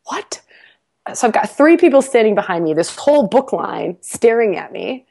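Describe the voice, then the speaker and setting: A woman's voice: a little high, fairly quick, creaky. A woman, a podcast guest, telling a personal story in a casual interview. She mocks herself, laughs often and repeats words as she restarts sentences. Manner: animated, self-mocking storyteller with frequent laughs.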